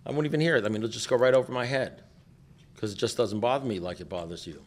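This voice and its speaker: A man's voice: mid-range voice, fast talker. A middle-aged man speaking at a recovery meeting, telling stories in a joking, blunt and profane way, often restarting his sentences. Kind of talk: storytelling talk to a meeting.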